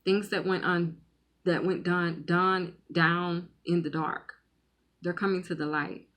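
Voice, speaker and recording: A woman's voice: on the low side, level tone, takes it slowly, fairly bright tone. A woman giving a spiritual reading in casual, rambling talk, repeating words and checking in with "okay?" often. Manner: emphatic, stretches key words. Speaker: spiritual medium and tarot reader.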